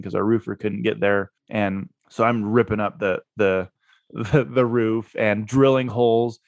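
Male guest, low easygoing voice, casual storyteller, dry close recording. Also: steady tone, normal speed, dry recording. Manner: laid-back, laughs through his own story. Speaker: guest, real estate investor.

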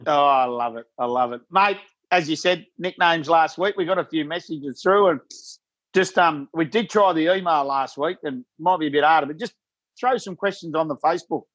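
A man co-hosts a podcast in casual banter, telling his stories with lively emphasis. His voice is a little higher than most men's. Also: moderate pace, dull audio. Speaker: podcast co-host. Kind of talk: casual chat.

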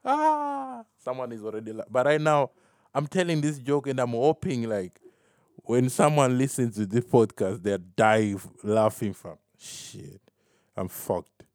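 A man's voice: medium pitch, expressive, normal speed, a little mellow, no room sound, studio quality. A man hosting a solo podcast, rambling and self-mocking, laughing at his own jokes and dropping "fam" into his talk. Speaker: podcast host.

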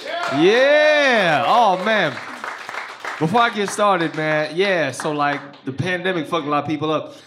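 On a club stage with a handheld mic, a man performs a stand-up set that is loose, profane and playful with the crowd. His voice is a little high and animated at a measured pace, with background noise and roomy live club sound.

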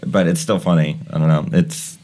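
A man's voice: low-pitched, steady tone, normal speed, dark tone. A man chatting casually on a podcast about a comedy clip. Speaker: podcast host.

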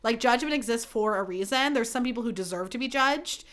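A woman's voice: fairly high pitch, a little fast, fairly bright tone. A young woman hosting her own podcast, chatting candidly and swearing freely in a self-mocking way. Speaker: podcast host. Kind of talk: casual solo podcast chat.

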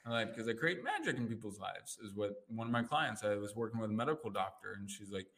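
A man talking as a life coach in a casual interview. He explains his methods in an animated way and acts out inner voices with jumps in pitch. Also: fast. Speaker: life coach and NLP practitioner.

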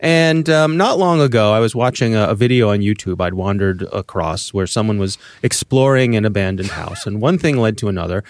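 A man co-hosting a podcast, musing aloud in casual chat at a measured, thoughtful pace. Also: on the low side, no echo, clean studio sound. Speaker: podcast co-host.

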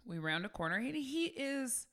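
A woman's voice: high-pitched, moderate pace. A woman co-hosting a podcast, telling a story casually with lots of swearing. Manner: profane, animated storyteller. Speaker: podcast co-host.

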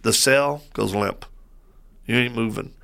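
A man as a guest on a faith talk show, telling stories in a lively way and acting out what people said. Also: medium pitch, a little slow, creaky. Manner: lively storyteller who acts out quoted voices.

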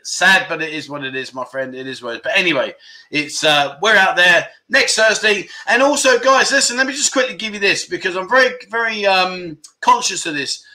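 A man's voice: high voice, lively intonation, fairly quick, bright, forceful tone. A man hosting a casual livestream, chatty and jokey, bantering with viewers and reading out their comments in slangy, easygoing talk. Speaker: livestream host.

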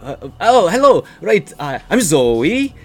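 A man voicing a forgetful, jittery tiefling trickster who stammers and swings between loud and hushed. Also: high voice, sing-song, takes it slowly, a loud crowd, voice pushed up, full character voice. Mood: scatterbrained.

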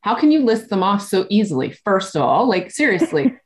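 A woman's voice: mid-range voice, sing-song, a little fast. A woman coach hosting a casual interview, candid and swearing freely, with frequent "like" and "right?" between her thoughts. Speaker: podcast host and coach.

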